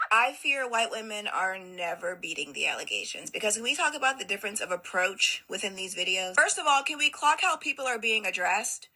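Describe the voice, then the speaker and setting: A woman's voice: medium pitch, very animated, fairly quick, few pauses, sharp tone, poor audio. A woman hosting a reaction commentary video, roasting clips with sarcastic quips.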